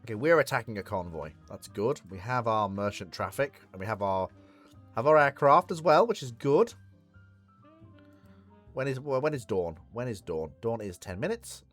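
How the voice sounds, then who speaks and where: A man's voice: medium pitch, moderate pace, soft background music. A man commentating live on a naval strategy game, swearing and talking to the ships on screen. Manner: swearing, excitable, talks to the game. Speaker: streamer.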